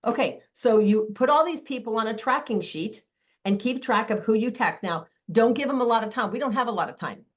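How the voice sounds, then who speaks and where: A woman giving a live online sales training, talking fast with a lot of energy over a video call. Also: fairly high pitch, highs cut off.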